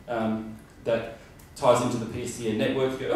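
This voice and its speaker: A man's voice: mid-range voice, little pitch movement, fast talker, hardly any pauses, a little mellow, a little hiss or hum. A man giving a conference presentation, rambling with many fillers and restarts. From Australia. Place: conference room. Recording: roomy hall from far off.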